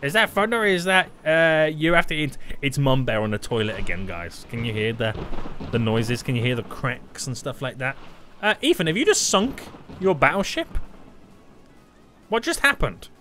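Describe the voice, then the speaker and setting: A young British man commentates his gameplay live, his pitch leaping wildly as he bursts into sudden yelps and shouts. His voice is bright and forceful, with faint background noise in the recording. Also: normal speed. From Britain. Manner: excitable, jumps to loud yelps and shouts. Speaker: gaming YouTuber.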